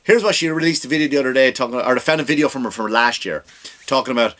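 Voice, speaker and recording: A man's voice: mid-range voice, racing, fairly bright tone. A man hosting a comedy podcast, ranting sarcastically about politics with profanity and rhetorical questions.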